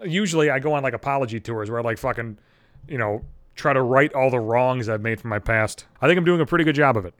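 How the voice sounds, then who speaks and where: A young adult man telling stories in a blunt, profane, animated podcast rant. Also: mid-range voice, quick pace, dry recording. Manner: blunt, heavy swearing, animated. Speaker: podcast host.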